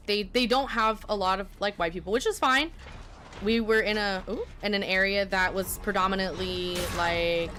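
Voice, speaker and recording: A woman's voice: mid-range voice, fairly bright tone. A young woman from Texas with a faint Southern US accent, chatting casually on a live stream in a rambling, self-deprecating way.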